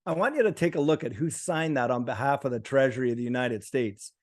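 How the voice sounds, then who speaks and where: A man's voice: medium pitch, fast. A man guest in a casual chat, talking with emphatic enthusiasm. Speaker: guest commentator.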